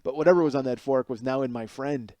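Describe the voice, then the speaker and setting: A man's voice: mid-range voice, quick pace, no echo. A middle-aged man hosting a podcast, telling a comedic story with lots of swearing and acting out the people he quotes. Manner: profane, animated, acts out quoted people. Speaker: podcast host.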